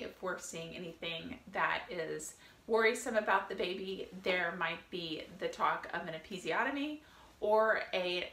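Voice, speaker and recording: Bright-voiced woman teaching birth prep. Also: on the low side, reverberant. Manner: friendly, lively, with fillers and laughs. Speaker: birth educator. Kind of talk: educational video talk.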